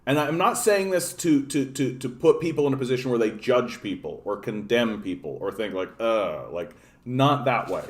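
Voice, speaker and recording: A man from Canada hosts a casual political livestream, his voice sitting at an ordinary middle pitch. He rants with plenty of profanity and keeps turning aside to greet viewers in the chat. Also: expressive, moderate pace, few pauses.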